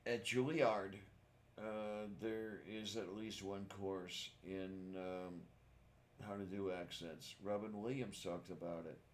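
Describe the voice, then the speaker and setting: A man's voice: sits low, steady tone, takes it slowly. Easygoing man co-host, short replies. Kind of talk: casual chat.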